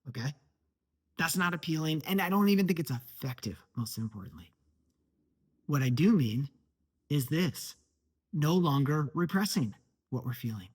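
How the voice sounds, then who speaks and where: A man's voice: mid-range voice, husky. A man giving an earnest motivational talk as a life coach, stressing points by repetition.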